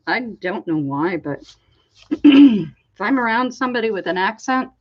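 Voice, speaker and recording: A woman from Canada talks slowly and casually as a crafting host, wandering from one thought to the next. A slight frog sits in her throat, and she clears it often. Her fairly low voice comes through a dull, lo-fi recording. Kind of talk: casual rambling chat.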